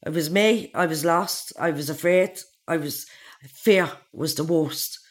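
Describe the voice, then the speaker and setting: Speaking at a measured pace in a low voice, an Irish woman in her forties recounts her life in an interview. Her manner is blunt, with plenty of swearing and acted-out lines from others.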